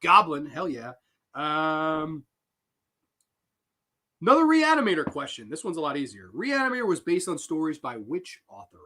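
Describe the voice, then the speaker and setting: A man hosting a live horror trivia stream, reading questions and reacting to chat answers with excitable, swearing banter. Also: on the high side, normal speed. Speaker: host.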